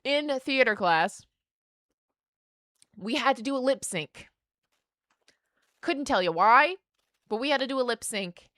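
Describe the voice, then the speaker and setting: Young woman streamer, casual rambling chat, bright tone, dry close sound. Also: a little high, lively intonation, unhurried, pauses often, no room sound. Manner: rambling, filler-heavy storytelling with restarts.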